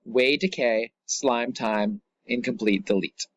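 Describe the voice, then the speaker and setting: A man explains a poem to his students in a relaxed, chatty way, full of asides and small jokes. His voice sits in an ordinary middle range and is recorded close and dry, with no room sound at all. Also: mid-range voice, slow pace, no echo. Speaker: teacher. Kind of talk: recorded classroom lesson.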